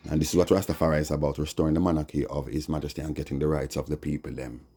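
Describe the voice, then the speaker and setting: Very deep-voiced Jamaican man preaching. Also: level tone, warm tone. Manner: slow, preachy, repeats "see?" and "yeah?". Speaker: Rastafari livestreamer. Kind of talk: rambling livestream preaching.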